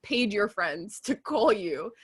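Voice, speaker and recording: A woman in her twenties co-hosting a podcast, chatting casually, laughing a lot and swearing loudly. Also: medium pitch, animated, takes it slowly, breathy edge. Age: 20s. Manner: laughing, loud, rowdy swearing. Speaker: podcast co-host. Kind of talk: casual chat.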